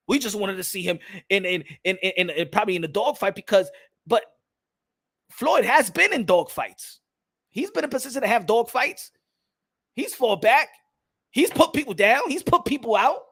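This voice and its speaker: Young US male commentator, high and sharp-toned, loud mocking slangy rant delivery. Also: husky. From United States. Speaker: boxing commentator. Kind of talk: animated ranting commentary.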